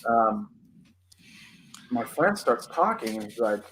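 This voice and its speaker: A young man co-hosting a podcast, telling a personal spooky story in an animated, dramatic way with many "like" fillers. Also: medium pitch, takes it slowly, a little hiss or hum, rough recording. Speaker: podcast co-host.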